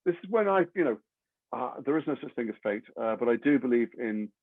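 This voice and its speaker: An English actor being interviewed, telling long rambling anecdotes with self-deprecating humor. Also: male voice, mid-range voice, expressive, fast, no echo. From England. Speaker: actor guest. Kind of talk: interview storytelling. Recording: tinny phone-like line, dry.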